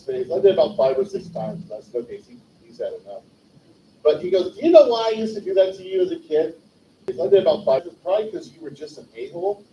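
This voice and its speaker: A man's voice: mid-range voice, mellow. A man in his forties telling rambling personal anecdotes at a livestreamed memorial, often correcting himself. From California. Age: 40s. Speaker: eulogy speaker. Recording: distant mic, roomy echo, faint noise.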